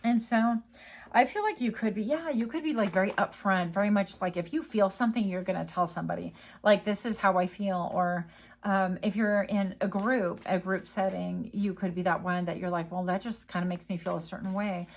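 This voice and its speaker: A woman's voice: mid-range voice, a little fast. A woman giving a casual tarot reading, chatty and rambling, with many fillers and tangents. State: coughing, a bit choked up. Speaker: tarot reader.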